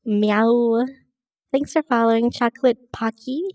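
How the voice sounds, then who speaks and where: A woman's voice: on the high side, fairly even intonation, a little slow, darkish tone, dry recording, clean studio sound. A woman game streamer chatting casually with her viewers, giggly and friendly, reading out chat messages. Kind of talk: casual let's-play chat.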